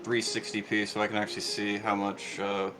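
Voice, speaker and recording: A man's voice: lowish voice, completely flat delivery, brisk, low-quality recording. A middle-aged man chatting casually after a speedrun, rambling with lots of fillers and restarts. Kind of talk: casual post-run chat.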